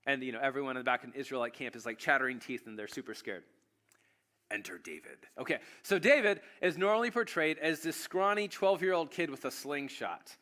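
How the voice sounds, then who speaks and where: A pastor preaching a sermon, retelling a story in an animated, joking, conversational way. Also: male voice, medium pitch, fairly quick.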